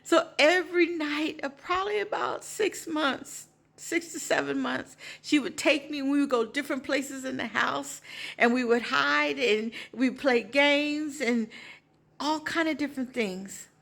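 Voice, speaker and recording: A woman in her sixties shares a personal testimony with emotion. Her voice is raised a little and gravelly, and she draws her words out slowly. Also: high voice, fairly bright tone. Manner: emotional, heartfelt, drawn-out. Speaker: storyteller giving a testimony.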